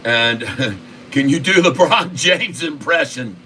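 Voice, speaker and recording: A man's voice: mid-range voice, expressive, slow pace, sharp tone, recorded from a distance, a little hiss or hum, poor audio. Jokey man hosting a livestream. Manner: jokey, laughs often, reads chat aloud. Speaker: livestream host. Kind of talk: casual livestream chat.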